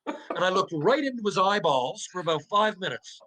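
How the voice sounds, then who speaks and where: Man, middle-aged, slightly high voice, podcast guest, storytelling, animated, profane, lots of restarts. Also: normal speed, a little hiss or hum, low-quality recording. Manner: animated, profane, with many restarts and rhetorical questions. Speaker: podcast guest, former pro hockey player. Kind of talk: casual storytelling in conversation.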